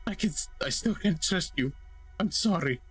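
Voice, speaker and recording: A man's voice: fairly high pitch, animated, moderate pace, a bit bright, husky, faint music behind, pitched above the performer's own voice, full character voice. A man doing a stammering, frightened recluse. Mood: fearful. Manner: shaky, stammering, apologetic. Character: frightened, paranoid man hiding in a closet. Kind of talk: voicing game dialogue for a let's play.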